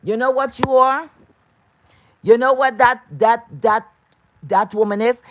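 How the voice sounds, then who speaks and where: A woman's voice: fairly high pitch, fairly even intonation, a little slow, a little hiss or hum. Blunt, profane woman ranting on a livestream. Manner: blunt, profane, repeats herself. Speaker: live streamer. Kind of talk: casual ranting livestream talk.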